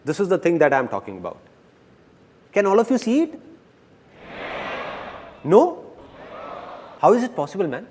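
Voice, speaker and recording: A man giving a dubbed motivational seminar talk, speaking to the audience in an animated and playful way. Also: high voice, normal speed, long pauses, a little hiss or hum.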